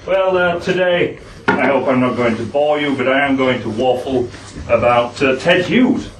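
A man with a Yorkshire accent giving a lecture-style speech at a forum. He talks haltingly, with many "uh"s and self-deprecating asides. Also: medium pitch, background noise. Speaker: guest speaker at a forum. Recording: echoey hall, speaker far from the mic.

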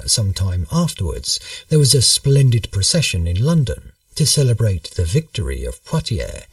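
A man narrating a history story in a measured, storytelling manner. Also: mid-range voice, dry recording, far from the mic.

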